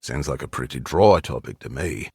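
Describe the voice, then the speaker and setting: A man's voice: a bass voice, animated, normal speed, creaky, mellow, slightly rough, dry recording, voice pushed down, heavily acted. A man voicing a retired Cockney special forces captain in his sixties, dry and evasive, in an audiobook. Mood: wry, evasive. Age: 60s.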